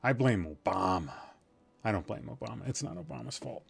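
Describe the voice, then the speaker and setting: A man's voice: medium pitch, expressive, fairly quick, gravelly, breathy edge, no echo. A man hosting a casual gaming stream, rambling and joking in a self-deprecating way, swearing now and then, tired and a bit loopy. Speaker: podcast host. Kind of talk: casual gaming livestream chat.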